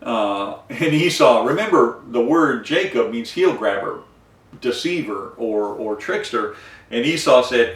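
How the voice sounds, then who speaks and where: A man teaching a Bible study, retelling scripture in a folksy, animated way, acting out the dialogue with many fillers. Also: mid-range voice, a little slow, echoey room, distant mic.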